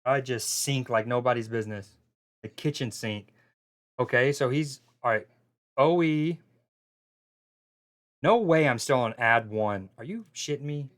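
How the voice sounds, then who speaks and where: Male streamer co-commentator, mid-pitched, loose and talkative, prone to fillers and sudden bursts of excitement. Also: a little slow, pauses often. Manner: chatty, loose, excitable, with frequent fillers and restarts. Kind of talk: casual live stream commentary.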